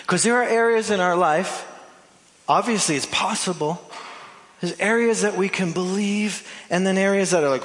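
A pastor preaching a sermon, animated, shifting between loud emphasis and soft drawn-out phrases, with playful asides to his congregation. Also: sits high, a little hiss or hum. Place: church sanctuary. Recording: long hall reverb from a church.

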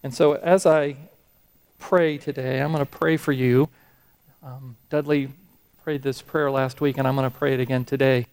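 A middle-aged man preaching a sermon, speaking earnestly and slowing down when he reads scripture and hymn verses. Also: medium pitch, little pitch movement, darkish tone, smooth. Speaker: pastor.

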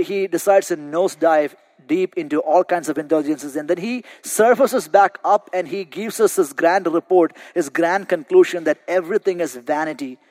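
A man's voice: high voice, darkish tone, dry recording. A male pastor preaching a sermon, telling a story and often repeating words as he restarts a phrase.

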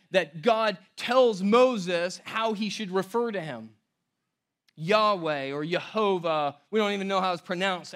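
A male pastor preaching a sermon, emphatic, swinging between loud stress and near-hushed lines. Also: high-pitched.

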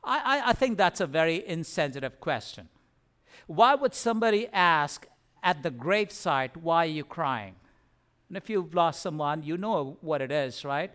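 A man's voice: a little high, lively intonation, moderate pace, a bit bright. A man pastor preaching an earnest sermon, repeating phrases for emphasis and sometimes stumbling over words.

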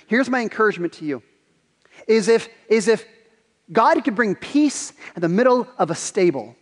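A pastor with a high voice delivers a sermon, telling his stories with animated energy. He often restarts and repeats words as he goes. His voice rings out with a long reverb in a church sanctuary. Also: fairly quick.

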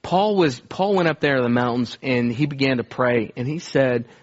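A man's voice: mid-range voice, moderate pace. A male pastor preaching a sermon to his church in an earnest, conversational way. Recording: dull, lo-fi sermon recording.

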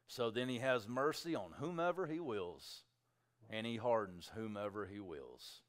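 A man's voice: fairly low pitch, lively intonation, normal speed. A male pastor preaching a sermon, reading scripture and acting out objectors' questions in a raised voice.

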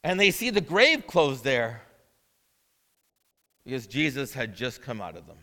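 A man's voice: medium pitch, very animated, a little slow, pushed and bright. A male pastor preaching a sermon in a conversational way, asking the listeners questions as he goes. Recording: long reverb of a large hall.

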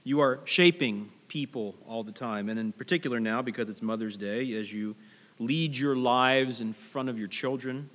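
A man's voice: medium pitch, fairly bright tone. Man preaching a conversational sermon in a reverberant hall. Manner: conversational, storytelling with asides to the congregation. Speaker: pastor. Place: church sanctuary.

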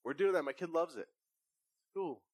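A man, a pastor with young children, preaching a conversational sermon and telling lively family stories. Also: fairly high pitch, normal speed, breathy edge, no room sound. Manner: conversational preaching with animated anecdotes.

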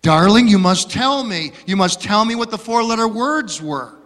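A man's voice: high voice, lively intonation, moderate pace, a bit bright, in a large hall, voice pushed up. A preacher doing a coaxing mother. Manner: soothing, firm coaxing. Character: calm motherly woman, coaxing.

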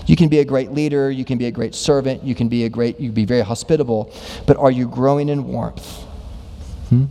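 A man preaching a sermon, asking many rhetorical questions and acting out quoted voices with big pitch jumps. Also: fairly even intonation, fairly quick, mellow. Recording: long hall reverb.

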